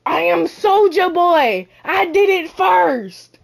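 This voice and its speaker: A woman giving loud, boastful trash-talk commentary while playing a basketball video game, often shouting. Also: very high voice, animated, slow, creaky. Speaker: gamer. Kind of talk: live gameplay commentary.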